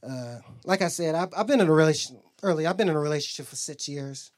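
A man doing a stand-up comedy set, telling brash, profane stories and acting out loud exchanges. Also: fairly high pitch, quick pace. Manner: brash, profane storytelling with loud character bits. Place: comedy club stage.

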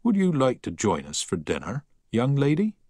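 A man reading the part of a blunt, nosy old grandmother in an audiobook, brisk and demanding. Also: medium pitch, huge pitch swings, darkish tone, no echo, clean studio sound, pitched above the performer's own voice.

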